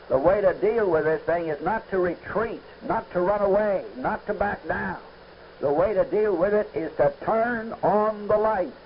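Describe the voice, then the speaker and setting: A man's voice: a little high, muffled recording, slight background noise. A man preaching a fervent radio sermon with a repetitive preaching cadence, on an old radio broadcast.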